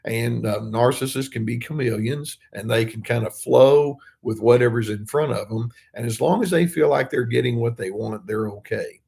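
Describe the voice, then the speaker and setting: A man's voice: mid-range voice, normal speed, vocal fry, hardly any pauses, husky. An older male therapist talking casually through viewer questions, with frequent fillers and restarts and little acted-out quotes. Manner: relaxed, many fillers and restarts, acts out quoted lines. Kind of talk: casual livestream Q&A talk.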